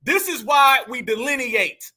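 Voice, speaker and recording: Male host, sharp and piercing, preachy and scornful, talks to viewers as family. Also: very high-pitched, expressive, measured pace, a little hiss or hum. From Georgia, US. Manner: combative, mocking, preachy, addresses viewers as family. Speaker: commentary channel host. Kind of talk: reaction commentary.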